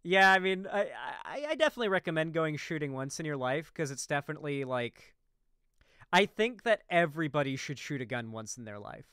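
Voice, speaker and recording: A man's voice: fairly high pitch, animated, fairly quick, fairly bright tone, smooth. A man streaming, reacting to a video in casual, rambling chat full of restarts and asides.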